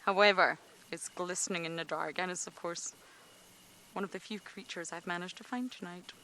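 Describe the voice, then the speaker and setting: A woman's voice: on the low side, fairly even intonation, moderate pace, sharp tone, a little hiss or hum, rough recording. A woman safari guide describing wildlife live outdoors at night.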